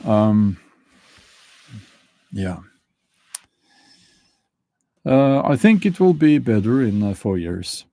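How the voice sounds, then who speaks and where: A middle-aged man with a Norwegian accent, hosting a casual livestream chat, talking slowly with many fillers and dry laughs. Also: on the low side, warm tone, no room sound. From Norway. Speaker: livestream host.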